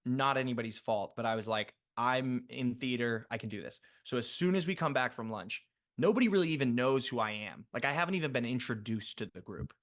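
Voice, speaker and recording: A man, an actor and podcast guest, telling a long story in a chatty, animated way full of fillers and restarts. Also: mid-range voice, a little fast. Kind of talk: casual storytelling interview.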